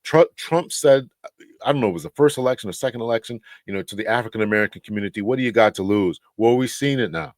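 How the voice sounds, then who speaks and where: A man's voice: medium pitch, fast talker, dry recording. A man hosting a commentary video, talking earnestly and urging viewers, with frequent restarts. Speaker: host. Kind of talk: casual commentary.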